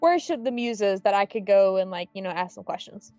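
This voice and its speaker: A woman playing a tabletop game, chatty and quick to laugh. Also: mid-range voice, animated, mellow, no echo, lo-fi sound, soft background music. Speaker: player. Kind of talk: casual tabletop play.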